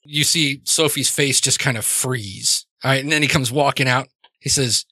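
Bright-voiced man running a tabletop game. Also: medium pitch, fairly even intonation, moderate pace, no room sound. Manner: casual, rambling, many fillers. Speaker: game master.

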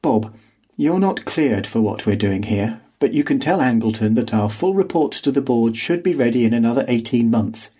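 A man voicing a cryptic, brisk older mathematician who talks in a clipped, businesslike way. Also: medium pitch, expressive, warm tone, husky.

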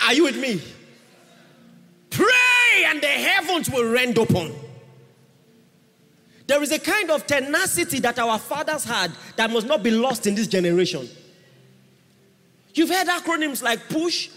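A man preaching a sermon, emphatic, swinging from hushed asides to shouted exhortation. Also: very high voice. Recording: long reverb of a large hall.

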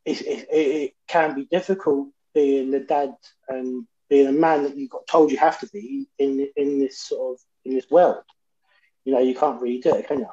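A man co-hosting a podcast, talking in a heartfelt, hesitant way with plenty of fillers. His voice is warm and mellow, and the recording sounds dull and lo-fi. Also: medium pitch, fairly even intonation, moderate pace. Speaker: podcast co-host. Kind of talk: casual podcast chat.

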